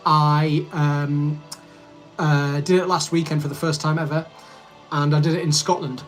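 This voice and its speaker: A Yorkshireman in his thirties, speaking in a fairly high, flat voice at a slightly slow pace, hosts a casual livestream chat. He reads out comments and rambles amiably while editing, getting easily distracted, with faint music playing behind him.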